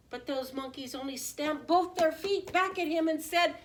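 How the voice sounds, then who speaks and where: A woman preschool teacher reading a picture book aloud in an animated way, often asking the children questions. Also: high-pitched, a little slow, few pauses. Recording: voice distant from the mic.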